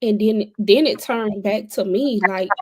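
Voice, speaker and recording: A woman's voice: medium pitch, measured pace, no echo. A young adult woman speaking as a podcast guest, telling her personal story in a candid, conversational way and repeating phrases for emphasis.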